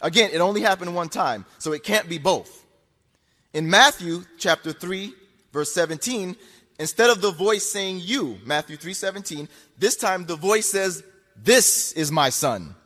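This man's high, bright voice carries a forceful tone at a moderate pace as he gives an argumentative lecture. He's insistent and repetitive, driving points home with rhetorical questions, and the hall adds long reverb.

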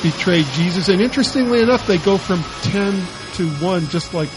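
A man's voice: high voice, lively intonation, a little fast, music in the background. A man hosting a radio talk show, joking through a comedy list with a playful, laughing manner.

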